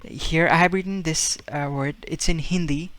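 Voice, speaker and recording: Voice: medium pitch, fairly even intonation, normal speed, fairly bright tone, dry recording. Patient, repetitive language teacher, dry sound. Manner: patient, repeats words many times to demonstrate sounds; loose, with frequent fillers and restarts. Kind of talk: casual explanatory video lesson.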